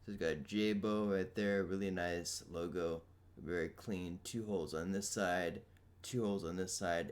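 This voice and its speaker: Hoarse young man, raspy low voice. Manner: casual, loose and rambling with fillers. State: sore throat, hoarse. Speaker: product reviewer. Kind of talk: casual product review vlog.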